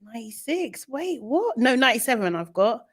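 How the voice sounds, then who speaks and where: A woman's voice: on the high side, very animated, moderate pace. A young woman co-hosting a live review show, laughing often and coaxing viewers to hit like. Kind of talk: casual live-stream chat.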